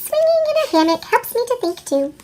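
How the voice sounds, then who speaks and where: A woman voicing a thoughtful female spider in a storybook reading, her voice sped up into a chipmunk pitch. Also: very animated, fairly quick, darkish tone, a little hiss or hum. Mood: musing. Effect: sped-up chipmunk pitch shift.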